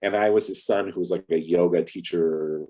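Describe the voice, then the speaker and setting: A deep-voiced man with a slightly husky tone chats on a video call. He tells anecdotes in a relaxed, lively way, often slipping into quoted dialogue. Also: moderate pace. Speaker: actor guest. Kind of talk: casual interview storytelling.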